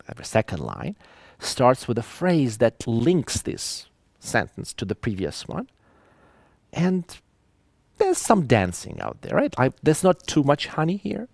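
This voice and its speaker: A man giving an online lecture, talking in an animated way with musing asides and reading examples aloud. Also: medium pitch, dry recording.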